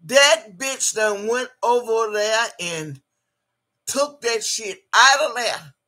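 A woman livestream host rants angrily, profane, combative and repetitive, while reading out viewer chat. Her voice is on the high side, slow, bright and pushed.

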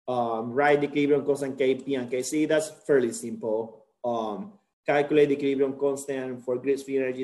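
A man's voice: medium pitch, darkish tone. Guy teaching chem, tired and chatty, jokes around, asks the class stuff, room echoes a lot. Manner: chatty, joking, checks in with students. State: tired, end-of-semester burnout. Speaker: chemistry instructor. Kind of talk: casual classroom lecture.

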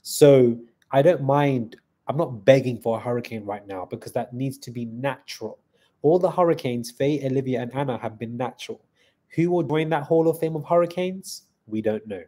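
Hosting a live stream, a man casually reads viewers' comments aloud and answers them off the cuff. He speaks at normal speed in a warm, mellow voice of middling pitch.

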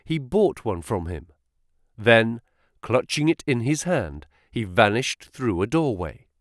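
A man's voice: medium pitch, sing-song, takes it slowly, no room sound, clean studio sound. A man reading a classic detective story aloud as narrator, voicing each character. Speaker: audiobook narrator.

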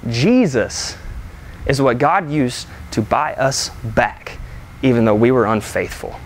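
A man preaching in a church, slowing down to lean on key phrases as he tells a story. His voice sits in a middle register. A faint hum of the room stays underneath. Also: medium pitch. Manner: earnest storytelling with slow emphatic pauses. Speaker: pastor. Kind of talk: sermon. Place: church sanctuary.

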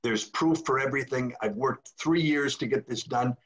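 Older guy, retired priest, storytelling on a lo-fi zoom call, does little voices for quotes, medium pitch. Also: moderate pace, a bit bright. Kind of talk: storytelling in a video call interview. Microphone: video call. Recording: dull lo-fi video call audio.

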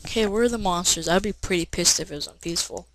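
A woman talks casually over her gameplay in a slightly low voice, rambling with plenty of "uh" fillers. She often breaks into loud, excited shouts. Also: quick pace, rough recording. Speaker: gameplay commentator. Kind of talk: casual let's-play commentary.

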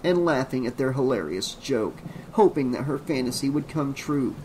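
A man's voice: medium pitch, normal speed, darkish tone, slight background noise, low-quality recording. Man narrating a horror audiobook.

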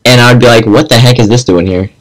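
A young man trades jokes on a casual podcast and laughs often. His voice sits at an ordinary middle pitch. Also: fairly even intonation, fast, low-quality recording. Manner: laughs often, joking reactions. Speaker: podcast co-host. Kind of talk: casual chat.

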